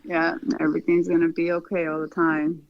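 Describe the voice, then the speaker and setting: A woman guest on a podcast, talking in a relaxed, rambling way with lots of fillers. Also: on the low side, a little fast, muffled recording, crowd noise. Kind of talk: casual conversation.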